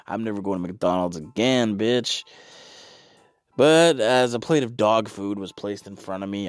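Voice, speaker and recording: A man's voice: on the low side, moderate pace, faint music behind. A man performing a stand-up comedy routine, with exasperated rants and big vocal swings.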